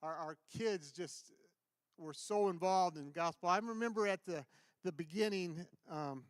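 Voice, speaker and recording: A man with a fairly high, smooth and resonant voice tells an earnest church testimony. He stops and restarts often as his enthusiasm builds. The sound is close and dry. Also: a little slow, no room sound. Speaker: church member giving announcements. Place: church sanctuary.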